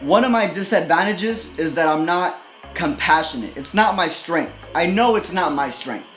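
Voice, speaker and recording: A man with a high voice talks in a blunt, aggressive, profane way, tagging "right?" onto nearly every line. His casual motivational monologue is recorded in an echoey room. Faint music plays behind him. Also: expressive, moderate pace, fairly bright tone. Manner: profane, repeats "right?" constantly. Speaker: motivational video host.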